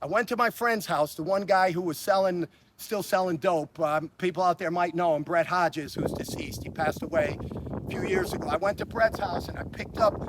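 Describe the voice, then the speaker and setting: A man in his sixties with a fairly high voice. He talks bluntly and swears often. He stumbles over repeated words as he tells his stories in a casual interview, with a faint hum of noise behind him. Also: moderate pace. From Chicago. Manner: blunt, profane, frequent stammered restarts. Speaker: interview guest.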